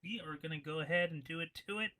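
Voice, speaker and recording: A man calling a wrestling match play-by-play, who laughs and breaks into shouts at the big moves and chats loosely between them. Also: fairly high pitch, fast, low-quality recording. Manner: chatty, many fillers and restarts. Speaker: wrestling commentator. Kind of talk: live play-by-play commentary.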